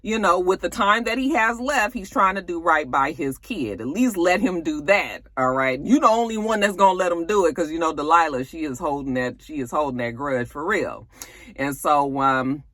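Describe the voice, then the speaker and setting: A woman recapping a TV episode in a casual, blunt and profane way, with sudden emphatic high bursts. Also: lively intonation, moderate pace, fairly bright tone, dry recording, studio quality. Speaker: TV show reviewer.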